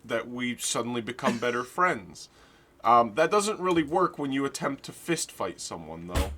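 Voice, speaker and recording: A man's voice: medium pitch, big pitch swings, normal speed, bright, forceful tone, slight background noise. A young man co-hosting a podcast, chatting casually and throwing in laughing asides. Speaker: podcast co-host. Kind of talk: casual chat.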